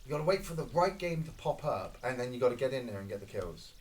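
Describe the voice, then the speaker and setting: A Scottish man giving casual, excitable gameplay commentary, swearing and reacting loudly to each kill. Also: medium pitch, fast. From Scotland. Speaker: gaming streamer.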